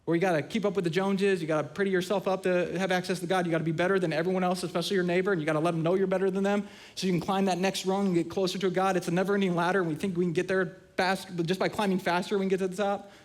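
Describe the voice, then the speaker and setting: Middle-aged male pastor, high voice, lively humorous sermon delivery. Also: rapid-fire. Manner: animated, humorous storytelling with acted-out quotes.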